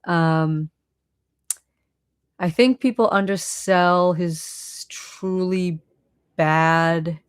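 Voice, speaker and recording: A woman's voice: sits low, smooth. A woman with a Boston accent chatting casually on a live stream, reading and answering chat with lots of fillers. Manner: chatty, many fillers, laughs often.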